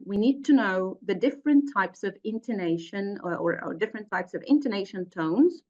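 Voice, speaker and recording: Female teacher trainer, online lecture, slow and methodical, demonstrates with examples, muffled webinar audio. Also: mid-range voice. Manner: deliberate, spells out points and demonstrates stress and tones aloud. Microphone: computer mic for an online webinar.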